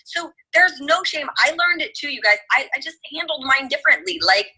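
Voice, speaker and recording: A woman's voice: high-pitched, expressive, brisk, sharp tone, rough recording. A woman hosting a casual chat, talking emphatically and turning to address her listeners directly. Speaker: host.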